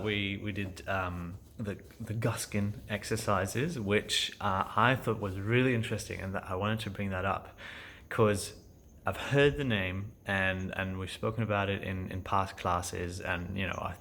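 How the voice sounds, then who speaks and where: A man with a German accent talking through his acting class in a casual vlog, thoughtful and halting, with many fillers and restarts. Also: sits low, fairly bright tone, a little hiss or hum. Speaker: actor vlogging about acting class.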